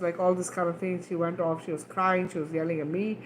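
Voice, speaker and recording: A woman's voice: on the low side, fairly even intonation, fairly quick, hardly any pauses, slight background noise, poor audio. A woman, a mother, talking frankly and earnestly to camera in a casual spiritual chat, often checking in with "right?" and "okay?". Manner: earnest and emphatic, swears casually. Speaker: mother of two daughters.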